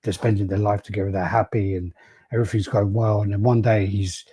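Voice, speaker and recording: A man's voice: fairly low pitch, little pitch movement, a little fast, warm tone, breathy edge, dry recording. A man hosting a casual podcast, rambling through stories, acting out quotes and swearing freely. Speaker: podcast host. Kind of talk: casual chat.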